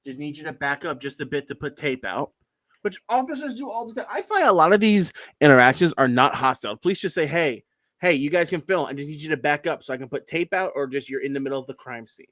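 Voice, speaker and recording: A man's voice: on the high side, expressive, fast, a bit bright, dry recording. A man hosting a video reaction show, giving scornful, sarcastic commentary.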